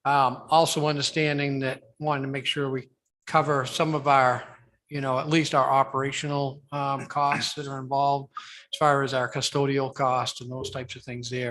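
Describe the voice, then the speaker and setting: A man speaking at a town board meeting as a department head, halting and full of fillers and restarts. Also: mid-range voice, flat delivery, a bit bright. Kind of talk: public meeting discussion.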